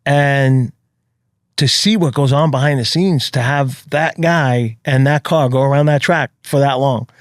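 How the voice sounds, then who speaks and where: A man's voice: mid-range voice, measured pace, no echo, clean studio sound. A man with a New York accent, a podcast guest telling his story in earnest, blunt, emphatic chat. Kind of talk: casual storytelling.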